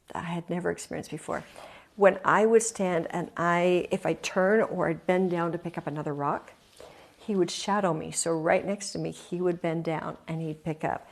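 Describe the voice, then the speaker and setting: Gravelly-voiced woman telling a personal story. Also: on the low side. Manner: earnest, confiding, emphatic repetitions. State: emotional, near tears at times. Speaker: host.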